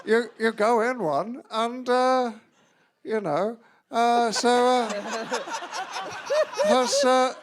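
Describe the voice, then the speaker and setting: Slow high-voiced joking man. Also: sing-song. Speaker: comedian guest. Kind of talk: casual chat.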